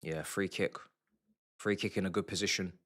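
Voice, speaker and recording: A man's voice: steady tone, moderate pace. Man muttering through a football watchalong. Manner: swings from low muttering to loud outraged shouting. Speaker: livestream football watchalong host. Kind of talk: live match watchalong commentary.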